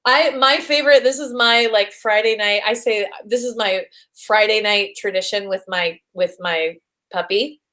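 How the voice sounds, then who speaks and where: A woman's voice: medium pitch, normal speed, bright, forceful tone. Young woman voice actress guest, bubbly and gushy, lots of um and like. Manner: bubbly, gushing, lots of fillers and restarts. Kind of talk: casual interview chat.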